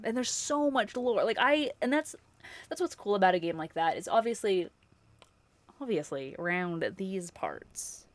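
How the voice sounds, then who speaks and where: A woman's voice: mid-range voice, animated, a little slow. A woman livestreamer chatting casually with her viewers, effusive and chatty, full of filler words and laughs.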